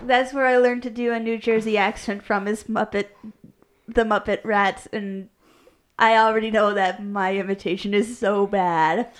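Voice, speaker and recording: A woman's voice: mid-range voice, fairly even intonation, moderate pace. A woman co-hosting a casual podcast, rambling and correcting herself as she explains tabletop game lore, laughing often. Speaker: podcast co-host, game master. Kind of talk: casual chat.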